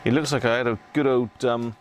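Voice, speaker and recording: A man's voice: medium pitch, fairly even intonation, a little fast, slight background noise. A British man hosting a livestream, chatting casually and rambling while he works on a radio repair, often laughing at himself. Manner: chatty, rambling, self-mocking.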